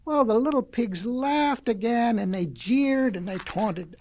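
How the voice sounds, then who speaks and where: A woman reading a children's story aloud in an expressive, folksy way. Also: on the high side, unhurried, hardly any pauses.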